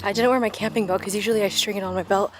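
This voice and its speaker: A woman's voice: medium pitch, fairly even intonation, racing. Chatty young woman vlogging on a trail. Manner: chatty, rambling with many likes. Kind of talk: casual vlog talk to camera. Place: outdoors on a mountain hiking trail. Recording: vlog footage with background music. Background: music, outdoor ambience.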